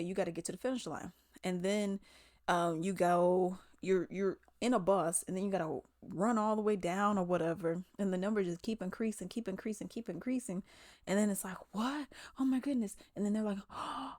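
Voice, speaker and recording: A woman's voice: medium pitch, fairly quick, no echo. Chatty woman vlogger, dry sound. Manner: animated, chatty and opinionated; slangy, drawling delivery. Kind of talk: casual commentary vlog.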